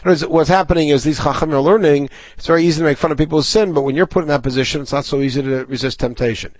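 A man's voice: on the high side, rapid-fire, darkish tone, no echo. A middle-aged man teaching a Talmud class, reading Aramaic aloud and paraphrasing it in English, with fillers and self-corrections.

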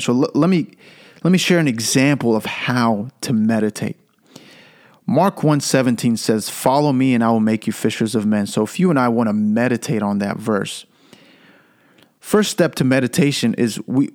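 A man's voice: medium pitch, a little mellow. A man hosting a Christian podcast, giving an earnest devotional teaching and repeating key phrases for emphasis, with occasional stammered restarts.

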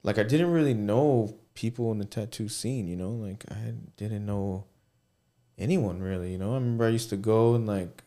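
A man's voice: fairly low pitch, normal speed, warm tone. Laid-back swearing man, podcast guest. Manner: laid-back, swears a lot, fills talk with "you know". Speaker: tattoo artist and shop owner, podcast guest. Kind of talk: casual podcast chat.

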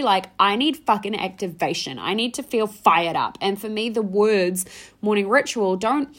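A young woman hosting her own coaching podcast, talking fast and excitedly in slangy, casual language with some swearing. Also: medium pitch. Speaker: podcast host and mindset coach. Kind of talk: energetic podcast monologue.

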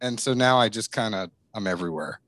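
A man's voice: fairly low pitch, fast talker, fairly bright tone, no echo. Man, mixed accent with faint Massachusetts trace, chatty storyteller, dry close sound. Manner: chatty storyteller, self-deprecating humor. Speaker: podcast guest, bourbon content creator. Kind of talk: casual interview chat.

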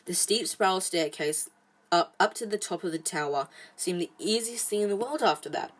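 A woman with a fairly low voice reads a novel aloud. She stumbles now and then, backing up to restart sentences with small fillers. It is a plain, home-style reading. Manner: halting, frequent restarts and fillers. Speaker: storybook reader.

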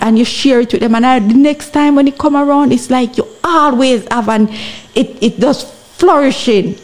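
A woman with a Jamaican accent talks as a podcast guest, urging her listeners on. Her voice sits a little on the high side, and she keeps stopping to ask whether they understand. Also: normal speed, darkish tone. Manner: earnest, exhorting, often asks "you understand". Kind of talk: impassioned podcast commentary.

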